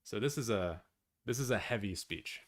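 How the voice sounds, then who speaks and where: A man hosting a live watch-along stream, chatting casually with his viewers, swearing often and reacting loudly. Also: fairly low pitch, moderate pace. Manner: excitable, swears a lot, talks to chat.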